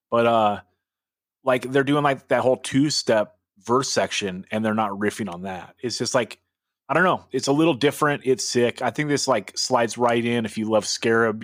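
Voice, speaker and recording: A man co-hosts a music podcast in a loose, rambling way. He swears casually and leans on fillers like "like" and "you know". His voice sits at an ordinary pitch and sounds dry and close, with no room around it. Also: moderate pace, dry recording. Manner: loose and profane, heavy on filler words. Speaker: podcast co-host. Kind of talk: casual chat.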